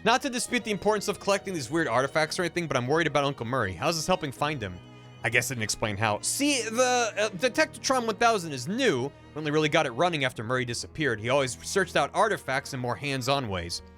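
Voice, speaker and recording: Male streamer reading game text aloud; playful, bright-pitched, animated, faint music behind. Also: fast. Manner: playful, jokey.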